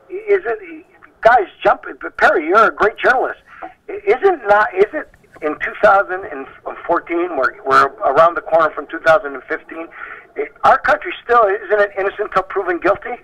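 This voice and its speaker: A man leads a heated panel discussion. His voice is bright and forceful, and it comes through a somewhat muffled, lo-fi recording. He speaks with emphasis and keeps restarting his sentences to drive his point home. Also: fairly high pitch. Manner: emphatic, impassioned, many restarts. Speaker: talk show host. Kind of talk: opinionated panel talk.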